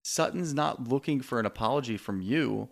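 This podcast co-host has a mid-range voice with vocal fry and talks at a normal speed. He recaps a reality show in a loose, candid way, cursing freely and quoting what cast members said.

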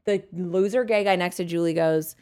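A woman telling a long, animated story in casual chat, swearing freely and acting out what people said. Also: on the low side, moderate pace, clear, resonant tone. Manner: animated, profane storytelling with acted-out quotes.

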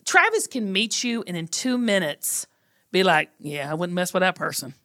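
A middle-aged woman hosting a podcast, telling stories about her marriage in a teasing, animated way. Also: fairly low pitch, moderate pace. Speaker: podcast host. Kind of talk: casual chat.

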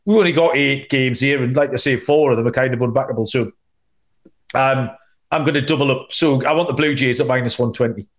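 A man's voice: medium pitch, fairly quick, highs cut off. A man hosting a sports betting podcast, chatty and rambling with many ums, tossing in cheeky asides. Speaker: podcast host, betting analyst.

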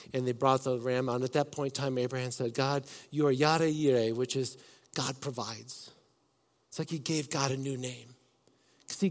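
A man preaching a sermon as pastor, swinging between loud emphatic lines and soft hushed ones. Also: mid-range voice, big-room sound.

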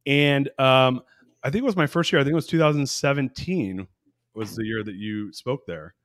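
A man in his forties hosts a casual podcast interview with loud, hyped enthusiasm. His voice sits mid-range and the recording is dry and close, with no room sound. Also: medium pitch, normal speed, dry recording. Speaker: podcast host.

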